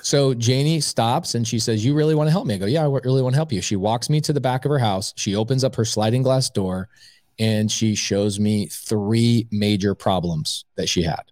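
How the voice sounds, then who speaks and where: This podcast guest, a real estate investor, has a voice on the low side and talks at a normal speed in a studio-quality recording with no room sound. He relates a long personal story, vividly acting out every party in the dialogue.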